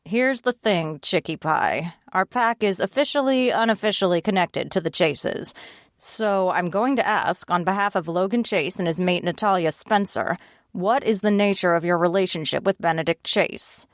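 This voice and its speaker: A woman's voice: lowish voice, normal speed, no echo, clean studio sound, natural voice. A woman voicing a blunt, foul-mouthed shifter pack leader who runs a bar, speaking in a curt, commanding way. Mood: probing.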